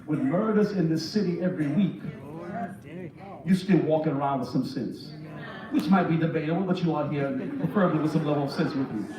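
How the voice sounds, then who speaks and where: High-voiced preacher in an echoey church. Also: male voice, brisk, a crowd in the background. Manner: humorous, builds to shouting peaks. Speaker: pastor. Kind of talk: sermon. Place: large church sanctuary. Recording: echoey church hall, distant mic, congregation.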